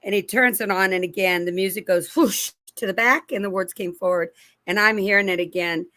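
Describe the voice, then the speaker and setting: A middle-aged woman in mid pitch talks straight to her viewers in an unscripted, rambling way. She circles back with restarts and asides, then jumps into lively acted-out voices when she tells a story. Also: brisk, dry recording. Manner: animated storyteller, acting out quoted voices. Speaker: channel host. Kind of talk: casual religious commentary to camera.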